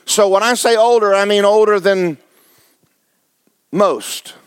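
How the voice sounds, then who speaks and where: A man's voice: sits high, slow pace, clear, resonant tone. A man, preaching a folksy, joking, emphatic sermon as pastor. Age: 70s.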